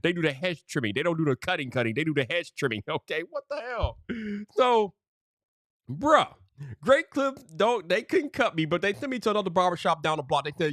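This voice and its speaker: A man's voice: sits high, fairly quick, no room sound. A man casually spinning a story on his stream, heavy on slang and "bro". His voice leaps up and down constantly as he talks. The sound is close and dry, with no room around it. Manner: animated, slangy, full of "bro". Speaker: streamer host.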